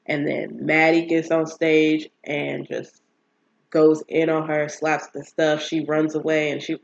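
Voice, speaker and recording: A woman hosting a casual solo podcast, talking in a chatty, animated way with many fillers and restarts. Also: low voice, a little slow, vocal fry, muffled recording. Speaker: podcast host.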